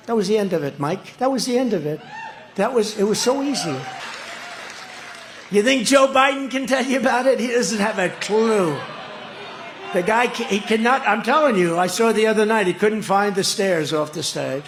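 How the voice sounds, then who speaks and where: High-pitched boastful rambling man at a podium. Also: moderate pace, fairly bright tone, breathy edge. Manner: rambling, boastful, repetitive, mocking. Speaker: political candidate at a rally. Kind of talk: off-the-cuff rally speech. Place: stage at a political event.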